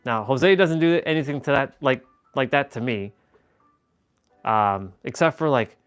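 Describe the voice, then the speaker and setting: A man's voice: mid-range voice, expressive, unhurried, smooth, faint music behind. Exasperated rambling young man. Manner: rambling and exasperated, with frequent laughs and casual swearing. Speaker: livestream host. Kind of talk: casual livestream chat.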